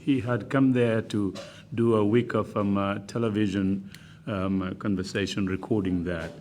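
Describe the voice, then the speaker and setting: An older man chairing a formal hearing, speaking slowly with many ums and uhs. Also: on the low side, fairly even intonation, darkish tone. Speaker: commission chair.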